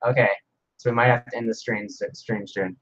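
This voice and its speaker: A man hosting a casual livestream Q&A, rambling excitedly as he reads viewer comments aloud. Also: medium pitch, fairly quick, highs cut off. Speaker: livestream host.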